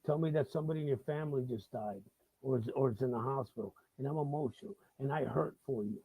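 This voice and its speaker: A man's voice: mid-range voice, quick pace, mellow, breathy edge, no room sound. A middle-aged man from the Bronx with a New York accent, hosting a live talk-show monologue, swearing freely and repeating himself in heated bursts. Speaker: host.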